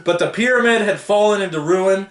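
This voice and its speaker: A man's voice: high voice, fairly quick, roomy sound. Rambling man reviewing a book. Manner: rambling, stumbles over names and laughs at himself.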